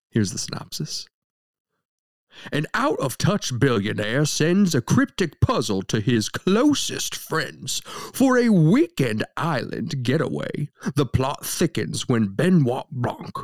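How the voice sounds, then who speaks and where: Man putting on a drawling Southern gentleman narrator. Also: mid-range voice, no echo, clean studio sound. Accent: Southern US put-on, Savannah. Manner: drawling, slow and grandiose. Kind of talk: mock movie-trailer narration.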